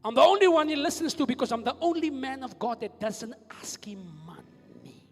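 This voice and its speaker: A South African man preaching a fiery sermon in a very high, gravelly voice. He drops to hushed asides, then rises to shouted declarations. The voice rings through a reverberant hall over faint music. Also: brisk. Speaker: pastor. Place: church hall.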